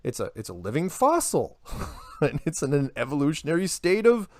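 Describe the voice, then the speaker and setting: A man's voice: fairly high pitch, huge pitch swings, moderate pace, darkish tone, dry recording, clean studio sound. A man talking in a casual podcast conversation, rambling, laughing often and acting out the quotes he reports. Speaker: podcast guest.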